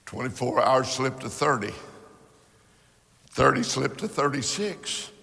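A man preaching a sermon, telling a story slowly and building to impassioned, shouted peaks. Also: medium pitch, expressive, gravelly, in a large hall.

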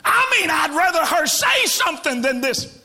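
Man, evangelist sermon, very high voice, bright tone, sudden shouts, joking asides. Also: big pitch swings, normal speed. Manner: preaches with sudden shouts, drops to hushed quotes, humorous asides. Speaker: evangelist preacher.

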